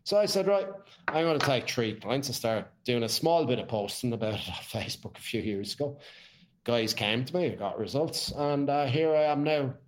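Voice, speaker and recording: An Irish man talks through his past in a loose, casual storytelling way, blunt and full of swearing. His voice sits at an ordinary middle pitch for a man. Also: animated, normal speed. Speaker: podcast guest.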